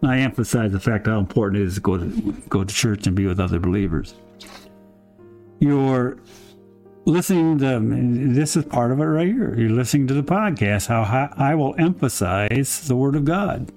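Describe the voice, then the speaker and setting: Male pastor, mid-pitched, unhurried emphatic sermon delivery, faint music underneath. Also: lively intonation, darkish tone. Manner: slow, emphatic preaching with rhetorical questions. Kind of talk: Bible study sermon.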